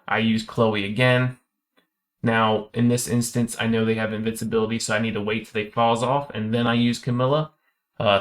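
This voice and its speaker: A man's voice: on the low side, fairly bright tone. A young man giving casual gameplay commentary, chatty and explaining his strategy step by step with frequent fillers. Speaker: gaming YouTuber.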